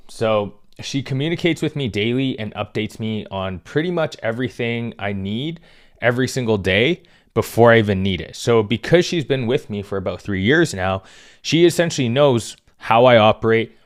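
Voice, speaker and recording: A man with a fairly low voice explains business advice in a relaxed, conversational way. He speaks like a coach talking to entrepreneurs, filling pauses with "um" and tagging points with "right?". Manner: conversational, frequent "right?" and "um" fillers. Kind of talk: casual direct-to-camera advice talk.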